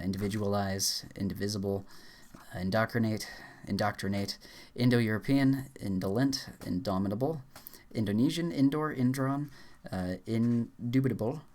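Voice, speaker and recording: Man rattling off dictionary words. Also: lowish voice. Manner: rattles off words in flat bursts, stumbles and restarts. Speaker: YouTuber. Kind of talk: rapid dictionary reading.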